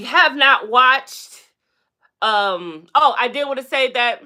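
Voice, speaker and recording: A woman's voice: slow, pushed and bright. A woman hosting a casual live stream, chatting bluntly and sassily about celebrity and reality TV gossip and calling out to viewers. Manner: sassy and blunt, with big pitch swings. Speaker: livestream host.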